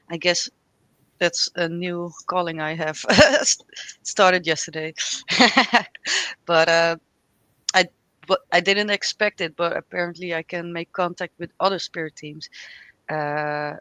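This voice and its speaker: Woman, tarot co-host, casual rambling chat, unhurried, bright voice. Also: lowish voice, dry recording. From Spain. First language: Spanish. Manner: rambling, chatty, laughs often, trails off mid-sentence. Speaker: tarot reader, livestream co-host.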